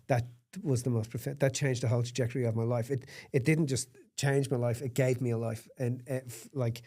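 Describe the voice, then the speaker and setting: A middle-aged man speaks as a podcast guest, with a warm, mellow tone at an ordinary pitch for a man. He tells his story candidly and emphatically. He swears bluntly and does not smooth over rough edges.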